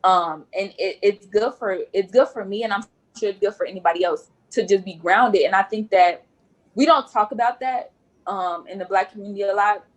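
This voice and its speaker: Appearing as a guest on a podcast interview, a woman nurse speaks earnestly in a mid-range voice at a moderate pace, repeating phrases for emphasis. The recording is rough.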